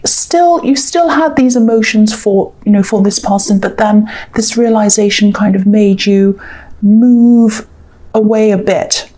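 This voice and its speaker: A woman's voice: medium pitch, measured pace, dark tone. A woman giving a casual tarot reading with a scratchy throat and recurring coughs, rambling and hedging as she talks. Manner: rambling and hedging, many "I think" and "um". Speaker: tarot reader.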